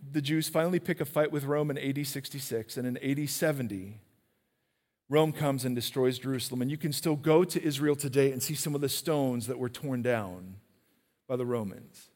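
A man preaching a sermon in a church, animated and questioning his listeners directly. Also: medium pitch, big-room sound.

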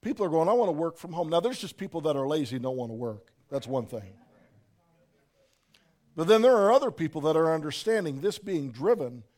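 High-voiced preacher swinging from hush to shout. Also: male voice, very animated, a little fast. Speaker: pastor. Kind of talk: sermon.

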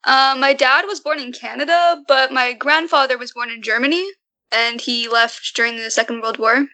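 Woman, podcast guest, casual chat, high voice, bright and sharp, dry close mic. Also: moderate pace, dry recording, poor audio. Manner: relaxed, short replies, laughs easily.

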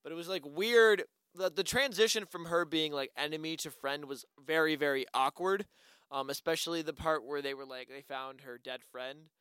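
A man's voice: fairly high pitch, moderate pace, fairly bright tone, clear, resonant tone, dry recording. A man chatting casually about a movie, blunt and swearing when something annoys him. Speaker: movie reviewer. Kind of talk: casual chat.

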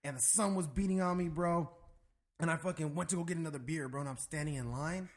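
A man's voice: a little high, fast. A young adult man telling a long story in a loose, profane, casual chat, dropping "bro" and "dude" constantly.

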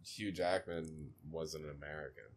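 Deep-voiced young man rambling on a podcast. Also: fairly even intonation. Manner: rambling, halting phrasing. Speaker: podcast co-host. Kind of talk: casual chat.

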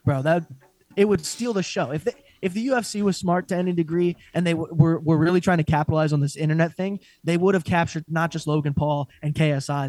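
A young male podcast co-host banters casually about fights, cursing and laughing often in an animated way. His slightly high voice sounds close and dry, with no room around it.

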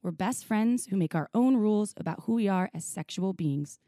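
A woman's voice: mid-range voice, expressive, moderate pace, warm tone, no room sound, clean studio sound. A woman co-hosting a podcast, bubbly and jokey, laughing often. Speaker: podcast co-host. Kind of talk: casual podcast chat.

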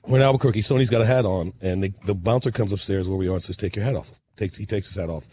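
A man, a musician guest on a talk show, telling animated stories that he laughs through and acts out. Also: lowish voice, rapid-fire, slight background noise. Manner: lively storyteller, laughs through punchlines, acts out quotes.

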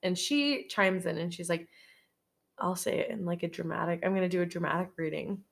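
A woman's voice: on the low side, brisk, gravelly. A young woman co-hosts a casual podcast, retelling a film's plot in a rambling, giggly way. She laughs often and drops the odd curse word, keeping the chat loose and informal. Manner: giggly, rambling, sprinkled with swearing. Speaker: podcast co-host. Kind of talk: casual chat recapping a film.

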